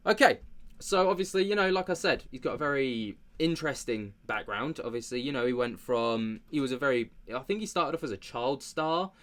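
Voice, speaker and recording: A man's voice: mid-range voice, lively intonation, fairly quick, fairly bright tone. A man hosting a commentary vlog, talking in a chatty, rambling way with many fillers. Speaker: commentary channel host.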